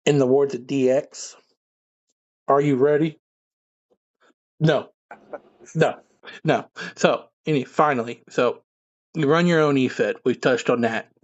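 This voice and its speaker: A man's voice: medium pitch, a little slow, dull audio. A man hosting a casual online talk show, asking questions in a laid-back, conversational way. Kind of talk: casual podcast chat.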